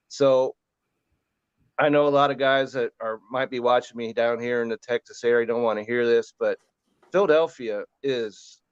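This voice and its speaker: A man in a casual sports chat, talking through draft picks in a relaxed, rambling way. His voice is smooth and even, recorded dry with a slightly dull, muffled tone. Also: medium pitch, no echo. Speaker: fantasy football show host.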